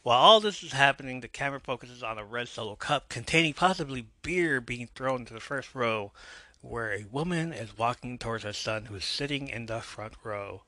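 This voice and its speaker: A man's voice: medium pitch, fairly quick, sharp tone, no room sound. A man hosting a podcast, casually recapping a TV episode with wry asides. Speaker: podcast host.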